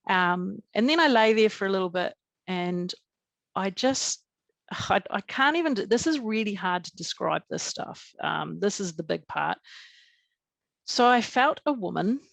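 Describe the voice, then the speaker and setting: A middle-aged woman with a New Zealand accent, earnestly recounting a personal experience as a podcast guest, halting often with fillers and restarts. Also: mid-range voice, animated, gravelly, no echo.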